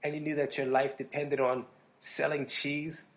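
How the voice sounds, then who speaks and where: A man's voice: fairly high pitch, little pitch movement, normal speed. A man from New Jersey hosting a podcast, telling rambling stories in casual chat and laughing easily. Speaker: podcast host.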